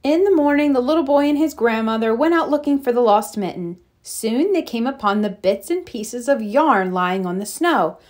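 A woman reading a children's picture book aloud in an expressive, sing-song storytelling manner. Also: a little high, moderate pace, few pauses. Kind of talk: expressive read-aloud narration.

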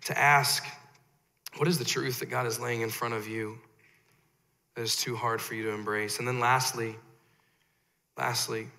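A man preaching a sermon as pastor, impassioned, rising loud then dropping low. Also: big-room sound.

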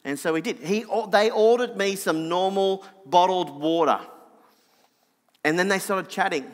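A middle-aged Australian man with a nasal voice, telling a personal story in an animated sermon. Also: a little slow, big-room sound. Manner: animated anecdotal, drops soft and low for reflection. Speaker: preacher.

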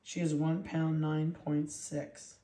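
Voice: mid-range voice, little pitch movement, takes it slowly, mellow. A dog breeder chatting casually while handling puppies and cooing at them in baby talk. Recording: roomy echo.

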